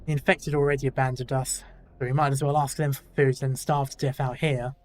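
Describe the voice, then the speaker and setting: A man's voice: mid-range voice, level tone, fairly quick, soft background music. A male gaming YouTuber reading a game's story dialogue aloud in a casual way, with self-deprecating asides.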